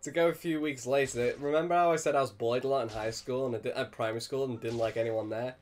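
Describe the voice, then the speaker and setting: A man's voice: medium pitch, fast talker, a little hiss or hum. A young man telling a funny childhood anecdote with lots of laughter. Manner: animated storytelling with frequent laughter. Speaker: let's play host. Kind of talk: casual anecdote.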